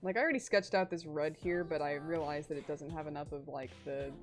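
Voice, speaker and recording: A woman's voice: sits low, brisk, faint music behind. A young adult woman chatting casually on a livestream while drawing, swearing freely and laughing often. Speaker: streamer drawing a webcomic.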